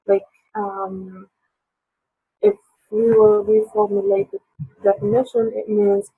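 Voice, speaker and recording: A woman's voice: medium pitch, fairly even intonation, slow pace, husky, dry recording. A woman teaching an online English lesson, hesitant with many fillers, her voice sore. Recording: tinny phone-like line.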